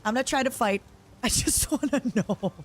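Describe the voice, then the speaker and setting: A woman's voice: a little high, moderate pace, a little hiss or hum. A woman streamer in casual chat, teasing and rambling playfully at a desk mic.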